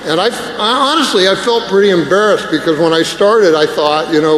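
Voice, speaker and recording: A man's voice: fairly high pitch, lively intonation, a little fast, hardly any pauses. Male scientist at a conference, emotional and joking, long hall reverb. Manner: emotional, self-deprecating, joking. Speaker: scientist speaker. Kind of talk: conference plenary talk. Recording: echoey hall with faint noise.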